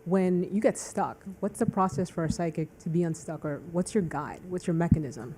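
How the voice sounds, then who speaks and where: A woman in the audience asking a question in a slow, hesitant, halting way. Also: fairly low pitch, background noise.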